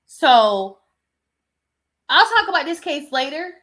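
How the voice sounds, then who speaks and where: A woman with a bright, sharp voice hosts a podcast in casual commentary. She talks bluntly and chattily, often sounding exasperated. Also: high-pitched, big pitch swings, takes it slowly. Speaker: podcast host.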